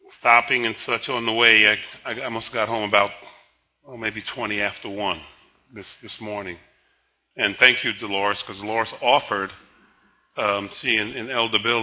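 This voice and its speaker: An older man in his sixties preaches from the pulpit, his voice strikingly bright and sharp. He sounds tired, yet he talks easily, telling stories and steering his listeners between passages. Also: lowish voice, fairly even intonation, poor audio. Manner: leads congregation in slow emphatic spoken confession; conversational storytelling between scripture. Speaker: pastor. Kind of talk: sermon.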